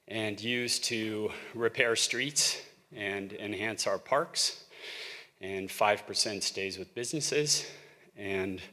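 A middle-aged man from Montana speaks at a council meeting, out of breath and earnest, pausing often with ums. His low voice has a bright, forceful edge, and it rings through a reverberant council chamber. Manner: earnest, halting, many ums. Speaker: public commenter, local business owner. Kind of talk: public comment at a council meeting.

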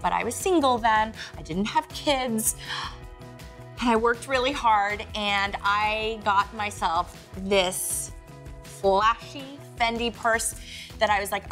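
A woman's voice: medium pitch, takes it slowly, a bit bright, soft background music. A woman in her forties hosting a casual lifestyle vlog, chatty and gushing as she shows off her favorite things. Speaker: vlog host.

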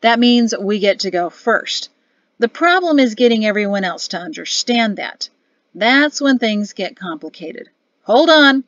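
A woman's voice: medium pitch, animated, unhurried, no echo, muffled recording, natural voice. Woman voicing a grumbling army officer father. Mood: commanding. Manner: sulky, sardonic complaining.

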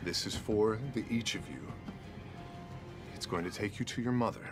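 A man's voice: lowish voice, normal speed, soft background music. A man playing in a tabletop game, speaking earnestly and tenderly in character as a father. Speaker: player. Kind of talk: in-character role-play.

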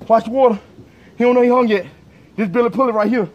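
A man landing a fish, talking in an excited, boastful casual way and repeating himself. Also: extremely high pitch, fast, dull audio. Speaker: angler.

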